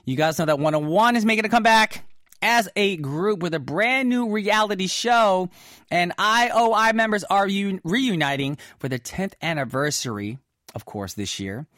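Chatty and playful, a male radio host drops easy asides, plenty of "mm-hmm" and "y'all," while going through listener messages. He sounds animated, sitting high with a fairly bright tone at a moderate pace, recorded in clean studio sound with no echo.

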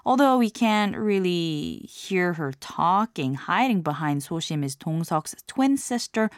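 A woman hosting a language lesson, explaining drama lines and phrases in a clear, measured scripted way. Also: lowish voice, expressive, no echo, clean studio sound.

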